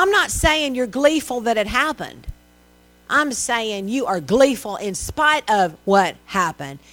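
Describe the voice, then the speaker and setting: Woman preacher, high voice, chatty sermon w questions, electrical hum in the back. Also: a bit bright, no room sound. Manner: conversational preaching with rhetorical questions and mimicked voices.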